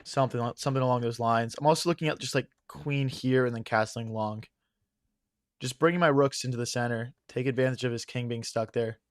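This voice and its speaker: A man's voice: mid-range voice, fairly even intonation, brisk, no room sound. Young male chess streamer, casual thinking-aloud commentary, slightly strained voice, dry close sound. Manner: thinks aloud, chatty, addresses chat as guys. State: losing his voice.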